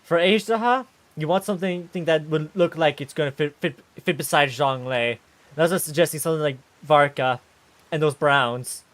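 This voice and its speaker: A man streaming live, talking casually and ranting excitedly in bursts while reacting on screen. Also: a little high, moderate pace, no echo.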